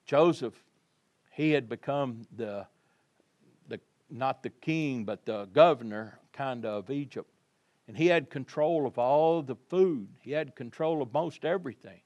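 A male pastor preaches an Easter sermon, telling the story vividly to his congregation and shifting between quiet passages and loud emphasis. His voice is mid-range and unhurried, and the audio sounds dull.

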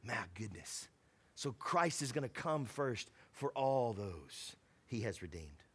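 A man preaching a sermon, reading scripture and quotes, mixing jokes and asides with hushed and emphatic stretches. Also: mid-range voice, very animated, slow, breathy edge. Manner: conversational preaching with asides and laughs. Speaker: pastor.

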